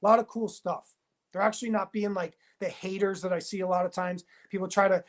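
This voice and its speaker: A man speaking in a heated interview as a whistleblowing TV producer, emphatic and insistent, talking in rapid bursts and repeating himself. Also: high voice, steady tone. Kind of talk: heated interview, phone-style conversation.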